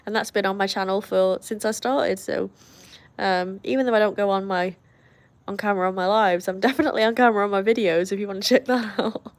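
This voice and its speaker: Chatty British woman with a gravelly voice. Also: medium pitch, fairly even intonation, a little fast. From Britain. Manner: chatty, laughs often, friendly asides. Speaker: livestream host. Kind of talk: casual chat reading viewer comments.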